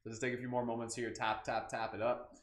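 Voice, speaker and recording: A man's voice: medium pitch, little pitch movement, fast talker, reverberant. A man hosting a live guided meditation, playful and goofy, chatting loosely with lots of filler words. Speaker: meditation host.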